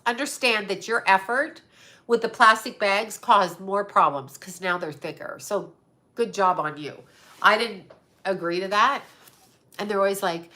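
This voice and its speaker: A woman's voice: mid-range voice, a little slow, long pauses, bright, forceful tone. A middle-aged woman hosting her own channel, ranting angrily and sarcastically to her viewers and swearing often. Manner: angry, profane, sarcastic ranting. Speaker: psychic medium and channel host.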